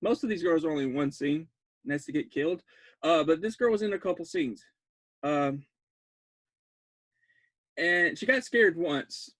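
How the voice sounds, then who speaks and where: A man excitedly recapping a bad horror film, rambling, laughing often and breaking into loud disbelief. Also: on the high side, normal speed, pauses often, no room sound. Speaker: podcast host recapping a film.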